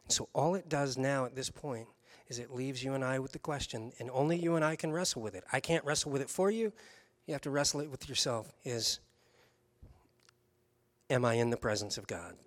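A man preaching from the pulpit, spinning a personal story with lively, chuckling storytelling. His voice sits at an ordinary middle pitch for a man. He moves from an easy anecdote toward a pastoral point. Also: a little fast.

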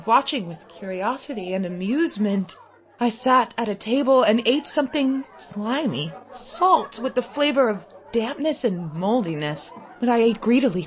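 Slow, expressive woman reading a story. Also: on the high side. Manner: expressive, swings between loud cries and hushed whispers. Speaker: reader. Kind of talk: dramatic reading of a classic short story.

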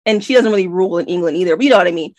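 An American woman co-hosting a casual book-club podcast, animated and nitpicky with lots of rambling asides. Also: fairly low pitch, very fast, dry recording. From United States. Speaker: podcast co-host.

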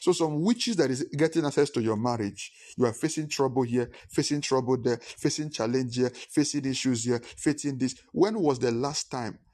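Male pastor, mid-pitched voice, sermon delivery with repetition and acted-out phone calls. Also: moderate pace, hardly any pauses, warm tone. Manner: preaching with repetition, acting out phone calls in pidgin.

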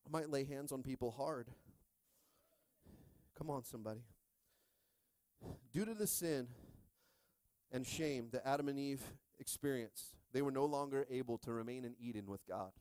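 A middle-aged man pastor preaching a sermon with call-and-response, joking with the congregation and rising into shouted stretches. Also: medium pitch, normal speed, pauses often, smooth, no echo.

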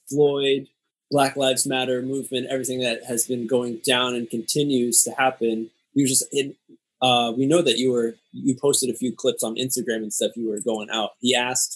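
A man hosting a casual chat, reading out viewer questions in a relaxed way. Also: medium pitch, poor audio. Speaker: host.

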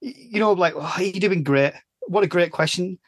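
A man's voice: high-pitched, normal speed, breathy edge, no echo. An English man in casual podcast chat, rambling and cutting himself off mid-sentence. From England. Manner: chatty, rambling, self-interrupting. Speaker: podcast host.

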